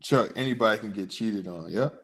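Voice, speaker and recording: A young man hosting a sports podcast, chatting in a rambling, animated way and answering his listeners. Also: on the low side, a little fast. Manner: rambling, animated, talks to chat viewers. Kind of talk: casual chat.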